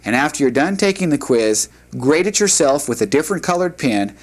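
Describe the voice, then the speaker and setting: A man teaching a Hebrew lesson, working through exercises and reading words aloud slowly and patiently. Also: fairly high pitch, lively intonation. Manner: slow, patient, sounds out words. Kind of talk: classroom lecture.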